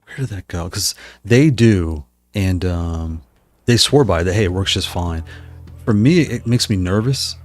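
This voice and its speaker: Deep-voiced man rambling on a live stream. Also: unhurried, no echo, soft background music. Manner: rambling, thinks aloud, frequent restarts. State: slightly hoarse. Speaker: streamer talking to chat while playing. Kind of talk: casual live-stream chat.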